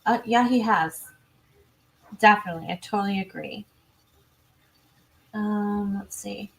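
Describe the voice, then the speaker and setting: A woman hosting a true crime livestream, chatty and self-interrupting, reading viewer comments and adding quick asides. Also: mid-range voice, creaky. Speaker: true crime channel host. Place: home.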